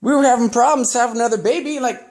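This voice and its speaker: A man's voice: very high voice, rapid-fire, darkish tone. A young man voicing his crude, oversharing, middle-aged stoner father in a laid-back, casual tone.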